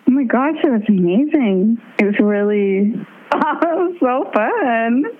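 A young woman and touring musician chatting as an interview guest, bubbly and laughing often as she tells animated stories. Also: fairly high pitch, takes it slowly. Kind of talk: casual interview chat. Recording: tinny phone-line audio.

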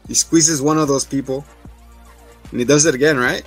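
A man hosting a casual podcast recap, laughing often and acting out scenes in quick voices. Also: medium pitch, steady tone, a bit bright, breathy edge, soft background music. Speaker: podcast host.

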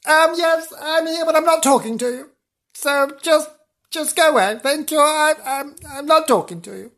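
A man doing Janice, a cross, prim woman whose high, fussy voice bristles with indignation. She startles at every sound and snaps at unseen children, all in a comedy audio sketch. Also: normal speed, fairly bright tone. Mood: huffy.

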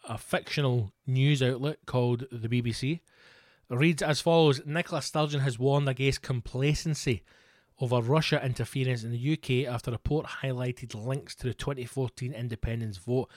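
A man's voice: mid-range voice, no echo, studio quality. A Scottish man hosting a podcast, ranting sarcastically, swearing freely and reading news reports aloud. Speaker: podcast host.

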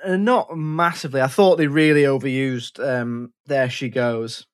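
A man co-hosting a casual film chat, relaxed and jokey, often hesitating. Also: mid-range voice, moderate pace, smooth. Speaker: podcast co-host.

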